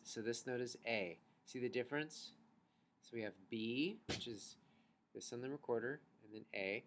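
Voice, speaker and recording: Male music teacher, patient and encouraging, mid-pitched, chanting rhythms for the kids to echo. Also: normal speed. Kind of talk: recorded online music lesson for children.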